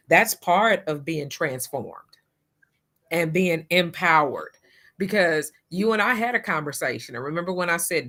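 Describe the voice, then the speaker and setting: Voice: medium pitch, bright, forceful tone. A podcast host encouraging the guest and affirming what she says.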